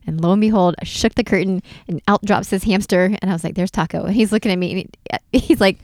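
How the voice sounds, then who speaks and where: Lively storytelling middle-aged woman. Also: medium pitch, quick pace, dry recording, clean studio sound. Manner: animated storyteller, acts out voices. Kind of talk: casual chat.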